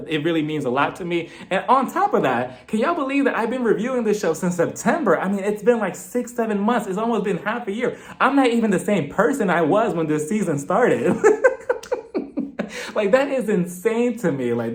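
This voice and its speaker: A young man recapping a reality show in a chatty, gossipy way, often laughing. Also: sits high. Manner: chatty and gossipy, with frequent laughs and mock impressions. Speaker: YouTube TV reviewer.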